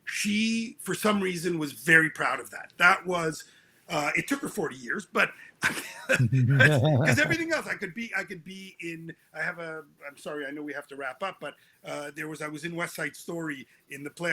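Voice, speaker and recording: A middle-aged man speaks in a high, husky, slightly gravelly voice. He talks as a guest in an interview, reflective and halting, often restarting his phrases. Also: bright, forceful tone. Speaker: author guest.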